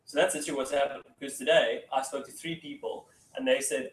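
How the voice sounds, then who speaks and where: A man's voice: mid-range voice, steady tone, fast talker. A man giving a casual sales training talk to a room. He keeps saying "okay" and acts out phone calls. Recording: echoey room, mic from far off.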